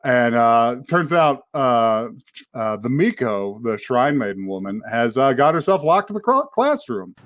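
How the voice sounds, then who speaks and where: A man's voice: medium pitch, very animated, unhurried, no echo. A man co-hosting a podcast, casually recapping an anime episode with frequent laughs and restarts. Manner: laughs often, rambling with restarts. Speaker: podcast co-host.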